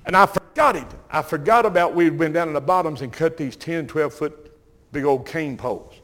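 An older Southern man preaches in a folksy, animated storytelling style. His voice sits a little high for a man, and he keeps calling out to the congregation as he goes. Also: brisk. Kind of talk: sermon storytelling.

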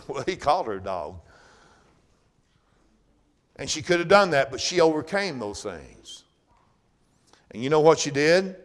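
A man preaching a sermon, swinging from loud bursts down to hushed, low-voiced passages. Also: lively intonation, unhurried, long pauses, clear, resonant tone.

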